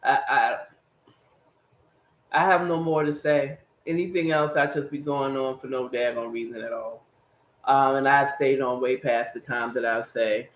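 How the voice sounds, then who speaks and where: A man with a medium-pitched, fairly even voice speaks a little slowly as he hosts a casual solo podcast commentary. He rambles and talks emphatically, addressing his viewers directly, and the room sounds echoey.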